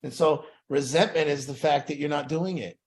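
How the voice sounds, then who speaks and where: A man's voice: on the high side, moderate pace. A man leading an addiction recovery group in a room, talking earnestly and reflectively, acting out the inner voices he describes.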